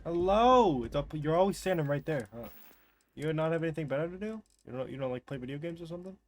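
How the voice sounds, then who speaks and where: A young man casually commenting as he plays a game live, chatty and self-mocking, reacting out loud. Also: fairly high pitch, fast talker. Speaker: streamer.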